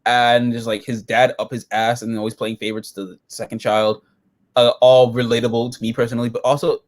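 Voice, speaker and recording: A man co-hosting a casual episode review, profane and excitable, jumping into silly quoted voices. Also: mid-range voice, a little fast.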